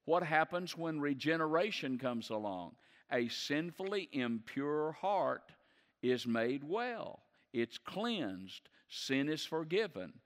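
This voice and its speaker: A man's voice: fairly high pitch, very animated, takes it slowly. A male pastor preaching a sermon, asking rhetorical questions and building in intensity. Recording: long reverb of a large hall.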